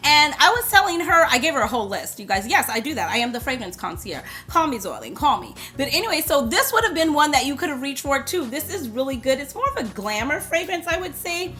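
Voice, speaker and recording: A woman chatting casually to camera as a perfume reviewer, playful and loud. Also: high-pitched, very animated, fast talker, hardly any pauses, soft background music.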